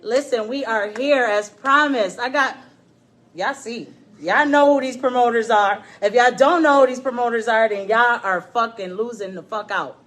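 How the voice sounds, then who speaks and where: Woman host, fairly high voice, brash and swearing, casual livestream chat into a phone. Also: normal speed, fairly bright tone. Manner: brash and profane, hyping the show. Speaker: podcast host. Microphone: phone or camera on a live stream.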